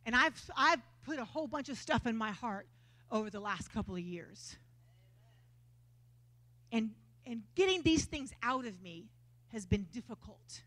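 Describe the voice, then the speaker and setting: A woman preaches at a church service, mixing animated storytelling with self-mocking humor. Her voice sits high and bright, with wide, lively swings in pitch. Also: a little slow, long pauses. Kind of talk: lively sermon.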